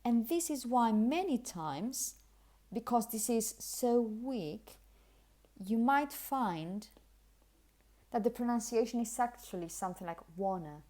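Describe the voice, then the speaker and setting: A woman teaching English pronunciation, who says example sentences slowly and then repeats them in a relaxed, weakened way. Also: on the high side. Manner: explanatory, demonstrates pronunciation. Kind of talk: pronunciation lesson.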